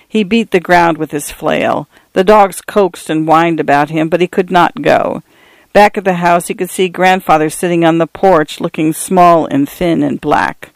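Male audiobook narrator, measured and steady, slightly higher voice, very dry close recording. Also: creaky, no room sound. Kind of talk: scripted narration.

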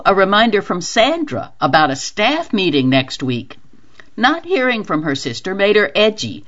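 A woman volunteer reader narrating a novel for a radio reading service in a steady, expressive way. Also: fairly low pitch, lo-fi sound.

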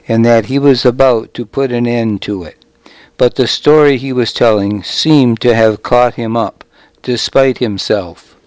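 A man reading a novel aloud as narrator, with measured, deliberate storytelling. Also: mid-range voice, darkish tone, dry recording, rough recording. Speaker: audiobook narrator. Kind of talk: scripted narration.

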